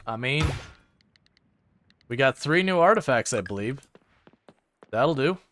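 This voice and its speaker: A man's voice: mid-range voice, expressive, a little slow, fairly bright tone, slight background noise. Rambling, chatty male streamer. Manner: rambling, chatty, sarcastic asides to chat. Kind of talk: casual live-stream chat while playing.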